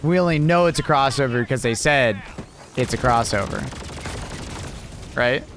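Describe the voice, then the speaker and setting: A man's voice: medium pitch, lively intonation, moderate pace, noisy background. A man casually chatting with his viewers on a gaming livestream, laughing often and answering chat.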